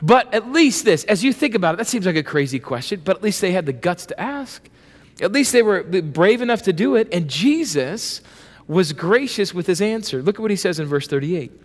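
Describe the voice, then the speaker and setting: A man preaching a sermon with playful asides, acting out voices and lively emphasis. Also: high-pitched, brisk. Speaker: pastor. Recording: long reverb of a large hall.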